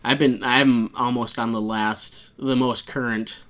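A man's voice: mid-range voice, fairly even intonation, measured pace, fairly bright tone. A man co-hosting a podcast, rambling in casual chat and laughing often. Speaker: podcast co-host. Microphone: podcast mic.

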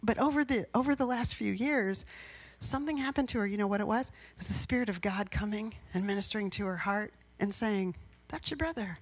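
A woman pastor delivering a sermon in a warm, conversational manner, as if talking with her congregation. Her voice sits at an ordinary middle pitch, and she now and then lifts into emphatic bursts. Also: fairly even intonation, fairly quick. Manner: personal and conversational, with emphatic rises.

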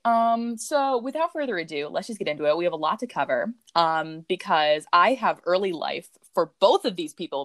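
An American woman hosting a casual podcast, chatty, with lots of fillers and quick jokes. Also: fairly low pitch, no room sound. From United States. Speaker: podcast host. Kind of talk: casual true-crime chat.

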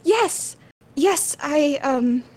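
A high, sobbing young woman's voice , as a female narrator puts her on, stammering out slow, broken phrases. She sounds frightened and lost, a little distant from the mic. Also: steady tone, warm tone. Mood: desperate.

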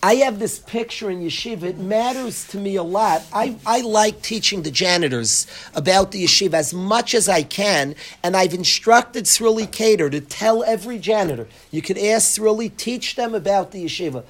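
A man's voice: high-pitched, lively intonation, moderate pace, hardly any pauses, a bit bright. A man gives a Torah lecture to students. He speaks earnestly, repeating his points and mixing in Hebrew and Yiddish terms. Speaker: rabbi teaching in a yeshiva.

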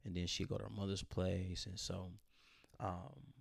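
A man's voice: deep voice, unhurried, creaky, no echo, studio quality. A man, telling a personal story in casual conversation, repeating phrases and acting out what others said. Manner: animated retelling, quoting others, repeating phrases. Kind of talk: casual chat.

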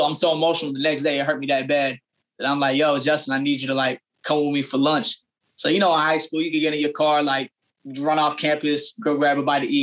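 A man's voice: on the high side, a bit bright. A young adult man, a barber, telling his story in an interview, earnest and full of fillers and restarts. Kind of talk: casual storytelling interview answer.

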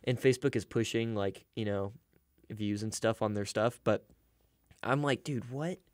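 A young man co-hosting a casual sports podcast, chatty and quick to laugh, with lots of fillers. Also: on the low side, steady tone, clear, resonant tone, dry recording, studio quality. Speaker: podcast co-host.

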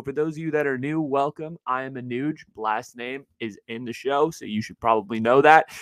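A young man runs his own show in a chatty, slangy, upbeat way. His voice is smooth and resonant at a middle pitch. The sound is dry and close, recorded indoors at home. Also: fairly even intonation, normal speed, few pauses, a bit bright, dry recording, poor audio. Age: young adult. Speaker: podcast host. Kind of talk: casual chat. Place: indoors at his parents' house.

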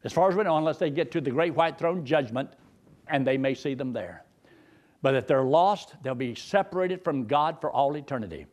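A man's voice: mid-range voice, lively intonation, normal speed, darkish tone. A male pastor, preaching a sermon in a folksy, joking storyteller's way.

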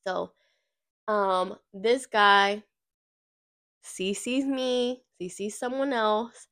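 A podcast host with a medium-pitched voice and drawn-out words tells a workplace story as a casual ranting monologue. She is sassy and profane, and her lively storytelling acts out the people she quotes.

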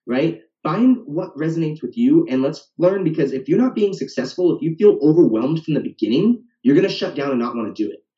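A man's voice: on the high side, animated, a little fast, hardly any pauses, dark tone. Man, fitness coach, casual chat, keeps saying right, dull lo-fi sound, echoey room. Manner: talkative, ends points with "right?". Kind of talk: casual podcast conversation. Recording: roomy, distant, dull lo-fi sound.

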